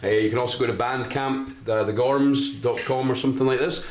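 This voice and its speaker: A man's voice: medium pitch, steady tone, a little fast. Jokey Scottish man, echoey room. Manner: jokey, rambling patter. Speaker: band singer hosting a live stream. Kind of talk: casual live-stream banter. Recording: echoey room with live music.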